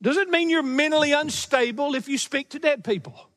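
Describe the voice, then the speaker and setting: A middle-aged man delivers a sermon from the pulpit. His voice sits high for a man and rings out with a long hall reverb. He presses hard on key phrases, drawing them out slowly, and breaks into small chuckles between points. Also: a bit bright. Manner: emphatic preaching, slowing for key phrases, chuckling asides. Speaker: pastor. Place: church sanctuary.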